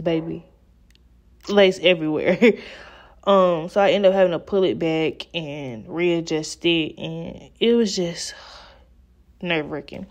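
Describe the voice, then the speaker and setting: A woman's voice: on the low side, a little mellow. A young woman talking through a wig install in a casual, exasperated vlog style, chatting straight to her viewers. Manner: exasperated, chatty, addresses viewers as girl and y'all. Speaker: beauty vlogger. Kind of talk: casual talk-through hair tutorial. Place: home room at a mirror.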